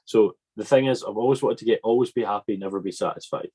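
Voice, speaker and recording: A man in his 20s hosts a podcast, chatting casually in an enthusiastic, rambling style full of fillers. His lowish, dark-toned voice is fast and slightly rough.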